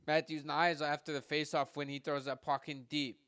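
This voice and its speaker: A man giving live hockey play-by-play from home, rattling off passes and shots and getting louder on goals, with casual asides to his listeners. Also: on the high side, flat delivery, moderate pace, smooth, dry recording, studio quality. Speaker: podcast host doing live play-by-play.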